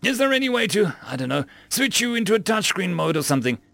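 A man voicing an exhausted, furious male crewman who shouts and swears at a machine. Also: high voice, big pitch swings, fast, vocal fry, dry recording, voice pushed up, heavily acted.

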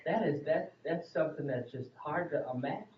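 A man's voice: fairly high pitch, brisk. A man with a slightly raised voice muses reflectively during a Bible study discussion. His voice echoes around a roomy space, and the recording sounds dull and lo-fi.

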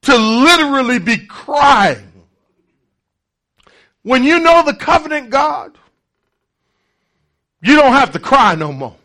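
A man preaching a call-and-response sermon, emphatic and repetitive, swinging from shouts to low murmurs. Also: sing-song, slow pace, pauses often. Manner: repeats and restarts words for emphasis.

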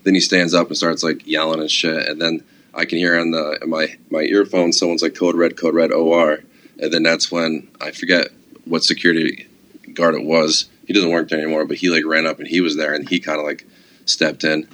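A man's voice: very deep voice, little pitch movement, brisk, bright, forceful tone. A man telling rambling stories in a casual conversation, laid-back, with lots of "like" and swearing. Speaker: guest, comedy club security guard.

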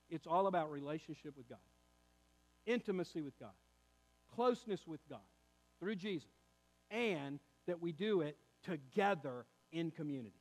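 A man's voice: high voice, in a large hall. A man preaching a sermon as pastor, building emphasis and calling his listeners beloved.

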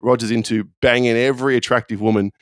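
A man tears into a film with sardonic, profane energy, his voice leaping up whenever he mocks a scene. His pitch sits in a middle range. The recording is dry and close. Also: quick pace, dry recording. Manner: sardonic, animated, blunt and profane. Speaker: podcast co-host, film critic. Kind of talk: casual film discussion.

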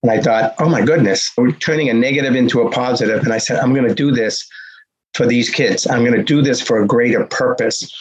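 A man in his sixties from the Boston area, telling his life story as a guest with animated, punchy repetition and acted-out dialogue. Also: medium pitch, brisk, husky. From Boston area, USA. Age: 60s. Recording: dull lo-fi recording.

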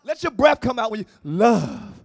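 High-voiced shouting preacher man. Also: a little slow, no echo. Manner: shouting, sing-song preaching with call-and-response. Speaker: pastor. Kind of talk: sermon. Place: church service, before a congregation.

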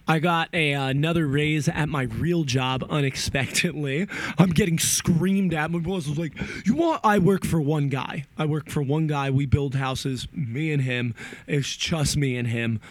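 Young man, profane, rambling, animated, slightly high voice, dry close sound. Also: a little slow, no echo. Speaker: guitar pedal vlogger. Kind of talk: casual rambling vlog.

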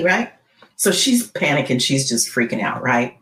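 A woman guest on a podcast interview, telling a dramatic story in an animated way and often checking in with "right?". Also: lowish voice, normal speed. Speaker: guest, keynote speaker. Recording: roomy echo.

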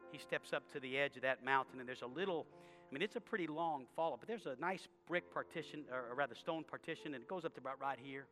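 A man preaching a sermon, telling a story with soft asides and sudden shouted prayers. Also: mid-range voice, fast talker, soft background music. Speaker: pastor.

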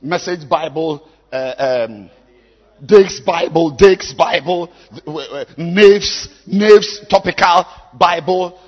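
A man, preaching a sermon as a pastor, swinging from low musing to loud exhortation. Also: slow pace. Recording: long hall reverb.

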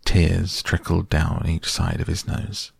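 A man reading a children's storybook aloud in a measured, expressive way. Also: low-pitched, vocal fry, husky, no room sound, studio quality. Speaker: narrator. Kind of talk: scripted storybook narration.

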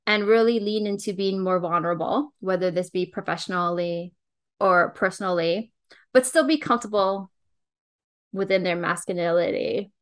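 A woman hosts a podcast with eager, gushing warmth in her words, her pitch sitting in an ordinary middle range. She talks in a loose, chatty way, piling on praise for her guest. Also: moderate pace, clean tone. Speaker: podcast host. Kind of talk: casual podcast interview.

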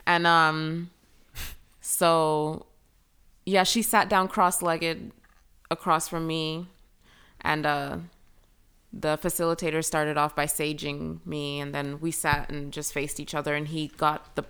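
A young woman telling a personal story as a guest in a casual chat, full of fillers and lively retelling. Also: low voice, takes it slowly, clean tone. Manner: chatty, filler-heavy, animated retelling.

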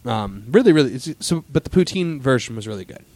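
A man's voice: mid-range voice, lively intonation, fast, darkish tone, dry recording. A man hosting a casual podcast, chatting in a rambling way with lots of fillers. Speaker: podcast host. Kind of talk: casual chat.

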